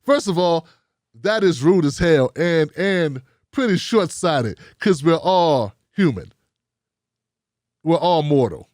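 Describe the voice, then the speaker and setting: A man hosting a commentary show, giving a blunt, animated opinion monologue full of rhetorical questions. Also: on the high side, slow pace, no echo, studio quality.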